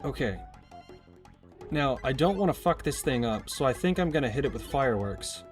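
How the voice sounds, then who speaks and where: A man's voice: mid-range voice, expressive, fairly quick, faint music behind. A man streaming a game, chatting casually in a rambling, jokey way with plenty of swearing. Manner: rambling, profane, jokey asides. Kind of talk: casual chat while gaming.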